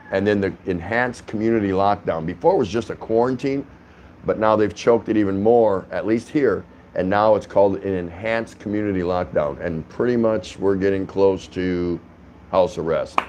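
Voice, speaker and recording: Male vlog host, lowish voice, rambling conversational delivery, home recording with a faint background hum. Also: normal speed, darkish tone. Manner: rambling, chatty, frequent restarts and fillers. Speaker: vlogger host. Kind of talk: casual talking-head vlog. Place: apartment indoors.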